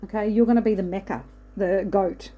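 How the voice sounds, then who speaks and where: A woman's voice: mid-range voice, fairly even intonation, a little fast, mellow, dull audio. A woman giving a casual spiritual card reading, rambling and reassuring, often checking in with "okay". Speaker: oracle card reader.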